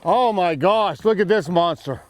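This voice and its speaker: A man, a fishing guide hosting his show, giving excited folksy commentary from a boat outdoors while talking to viewers. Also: high-pitched, unhurried. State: breathing hard.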